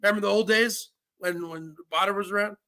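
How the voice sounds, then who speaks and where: A man hosts a live stream, talking bluntly, repeating phrases and swearing freely. His voice is high with a gravelly rasp, and it sounds dry and close. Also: fairly even intonation, brisk, pushed and bright, no echo. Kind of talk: casual chat.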